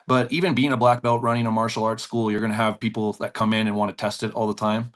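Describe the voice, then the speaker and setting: A man's voice: lowish voice, fast talker. A man who runs a jiu-jitsu school, guest on a podcast, telling stories with energy, acting out the people in them and laughing often. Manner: animated storyteller, acts out voices, laughs often. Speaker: jiu-jitsu black belt and gym owner, podcast guest. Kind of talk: storytelling in a podcast interview.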